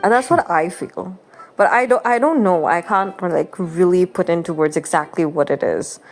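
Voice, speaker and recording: A young woman with a lowish voice hosts a gaming channel, chatting and rambling casually at a moderate pace as she plays over game music. She laughs often and sounds mock-exasperated.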